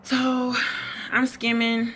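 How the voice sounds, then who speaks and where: A woman's voice: a little high, monotone, extremely slow, a bit bright, a little hiss or hum. A young adult woman giving a rambling, self-correcting health update at her desk, a little out of breath. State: slightly out of breath. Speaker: vlogger. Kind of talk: casual health update vlog.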